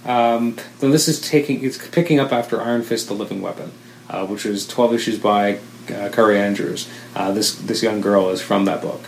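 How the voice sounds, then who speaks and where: Speaking in a lowish voice at a moderate pace, a man co-hosts a podcast, eagerly rambling through a casual conversation and fixing his own words as he goes. A roomy echo, faint ambience, and slight hiss or hum color the sound.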